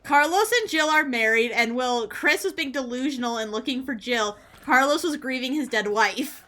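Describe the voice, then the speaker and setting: A woman streaming a horror game, chatting casually with friends, loud, laughing and swearing freely. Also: high voice, moderate pace. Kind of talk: casual chat while gaming.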